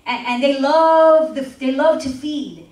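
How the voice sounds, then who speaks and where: A woman's voice: high-pitched, slow pace, darkish tone. A woman pastor teaching a sermon in a church, repeating scripture lines and drawing replies from the congregation. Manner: call-and-response preaching, repeats scripture lines. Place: church sanctuary. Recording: echoey church hall from far off.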